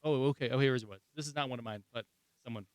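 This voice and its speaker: A man co-hosting a casual podcast, reading short pun jokes with a deadpan setup. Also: medium pitch, rapid-fire, clear, resonant tone, no echo, rough recording. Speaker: podcast co-host.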